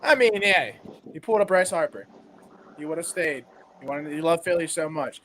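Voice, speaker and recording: A man on a sports podcast video call, talking earnestly and reflectively with frequent pauses. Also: on the high side, expressive, fairly bright tone, slight background noise. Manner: earnest, reflective, many ums. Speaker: podcast panelist. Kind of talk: casual sports podcast chat.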